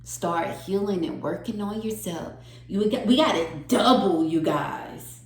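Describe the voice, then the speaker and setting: A woman's voice: lowish voice, takes it slowly, echoey room, low-quality recording. A woman giving an emotional, earnest tarot reading to her viewers, repeating phrases for emphasis. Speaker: tarot reader.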